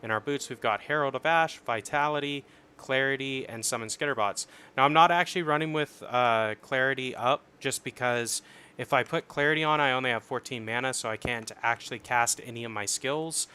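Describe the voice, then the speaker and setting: A young man casually explaining his game build on a livestream, swearing and getting excited once the fights start. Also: mid-range voice, brisk, clean tone. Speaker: streamer. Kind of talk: casual gameplay commentary.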